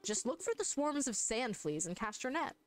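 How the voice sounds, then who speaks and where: A woman voicing a friendly bait-swap keeper, speaking in her own voice but lower and more carefully enunciated. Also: sing-song, moderate pace, soft background music. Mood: helpful.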